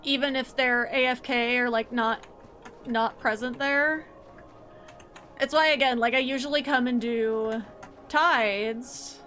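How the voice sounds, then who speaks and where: A woman's voice: a little high, fairly even intonation, slow, sharp tone, a little hiss or hum. A young woman from the United States streaming a game and chatting casually, rambling with lots of "like" fillers. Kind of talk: casual chat while gaming.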